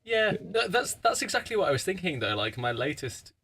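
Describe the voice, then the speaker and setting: A man co-hosting a podcast, talking in a reflective, halting way with many restarts. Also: sits high, big pitch swings, bright, forceful tone, husky. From United Kingdom. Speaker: podcast co-host. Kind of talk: casual chat.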